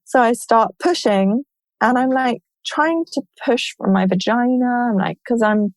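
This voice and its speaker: A woman guest telling her own story in an open, animated way, with many "like" fillers. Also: a little high, unhurried, no echo, low-quality recording. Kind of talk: personal storytelling in a conversation.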